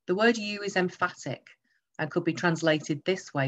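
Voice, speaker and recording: A woman's voice: on the low side, normal speed, fairly bright tone. A woman preaching a sermon, emphatic and teaching through rhetorical questions.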